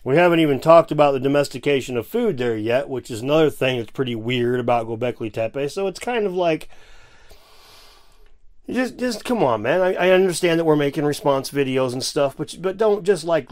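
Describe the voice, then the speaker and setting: A man's voice: mid-range voice, brisk. A man hosting a casual reaction video, ranting with sarcasm and frequent swearing. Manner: ranting, sarcastic, profane, animated. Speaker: video host reacting to a clip.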